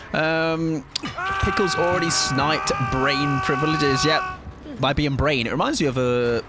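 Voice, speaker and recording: A young man streaming a game live, rambling and joking with his viewers, laughing often and breaking into excited outbursts. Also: medium pitch, noisy background. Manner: rambling, jokey, chats to viewers while playing. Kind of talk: live gameplay commentary with chat.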